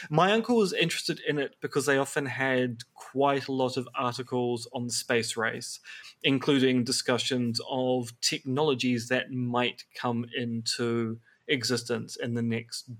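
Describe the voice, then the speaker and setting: A man co-hosting a podcast, telling stories in casual chat with wry, quick asides. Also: mid-range voice, a bit bright. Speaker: podcast co-host. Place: apartment.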